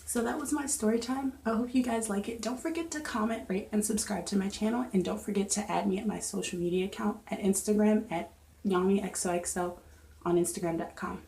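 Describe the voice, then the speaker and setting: A young woman vlogger chatting through a storytime in an animated, lively way. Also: medium pitch, a little fast, gravelly, a little hiss or hum. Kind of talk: storytime vlog. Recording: echoey room.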